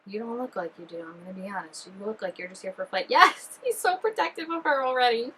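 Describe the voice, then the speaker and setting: A woman chatting excitedly through a reaction video, full of fillers and giggly asides. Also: mid-range voice, fast, husky, rough recording. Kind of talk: casual reaction commentary.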